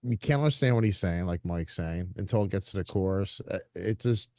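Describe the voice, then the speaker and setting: A man with a fairly low voice gives a blunt album critique, stumbling over his words and swearing casually. The sound is dry and close, with no room echo. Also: a little fast, darkish tone. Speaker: panelist. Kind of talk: casual album review chat.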